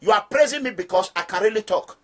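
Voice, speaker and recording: At a quick pace, a man with a high, expressive voice and a Nigerian accent preaches to his listeners. He heads an activist movement, and his direct political commentary is emphatic, full of phrases repeated for stress.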